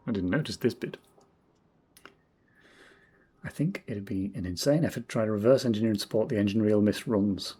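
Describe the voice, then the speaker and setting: A man in his forties from Northeast England with a southern English accent, streaming a game in casual commentary, rambling and self-deprecating, muttering quiet asides to himself. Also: lowish voice, husky. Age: 40s. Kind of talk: casual game commentary while reading chat.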